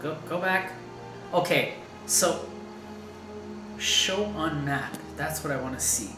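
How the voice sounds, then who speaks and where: Woman, casual gameplay commentary, chatty, lowish voice, echoey room. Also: takes it slowly, music in the background. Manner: chatty, thinking aloud with fillers. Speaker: gaming video host.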